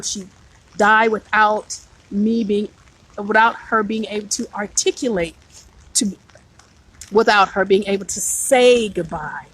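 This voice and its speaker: A woman's voice: on the high side, fairly bright tone, slightly rough, rough recording. A woman hosting a live stream, telling a personal spiritual story in an earnest, emotional way and greeting viewers as she goes.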